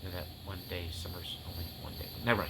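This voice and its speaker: There's heavy background noise as a low-voiced man races through a fiery sermon on spiritual warfare, his pitch barely moving. He builds to near-shouts and tearful intensity, then breaks off into loose joking asides.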